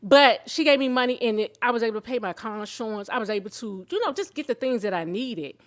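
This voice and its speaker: Fifties woman, slightly high-pitched, candid and emotional personal testimony with faith. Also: fast. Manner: heartfelt, candid, emotional storytelling; faith-filled and expressive. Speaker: show host sharing her own story.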